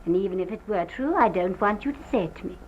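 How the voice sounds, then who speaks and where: A woman playing a halting, distraught witness. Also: medium pitch, expressive, a little mellow, slight background noise, lightly acted. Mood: strained. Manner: halting, hesitant, breaks off. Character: distraught woman recounting a violent night. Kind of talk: early sound-film acting. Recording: muffled early sound-film recording.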